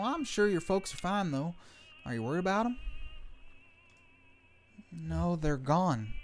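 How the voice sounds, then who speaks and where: A man streaming a game live, reading its dialogue aloud in a playful way and dropping jokey asides between lines. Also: a little high.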